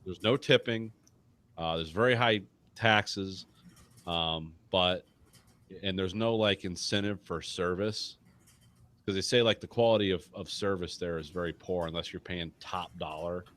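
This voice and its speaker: Deep-voiced man chatting casually. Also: fairly even intonation, a little slow, a bit bright. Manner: rambling, profane, quotes people in put-on voices. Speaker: podcast co-host. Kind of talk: casual chat.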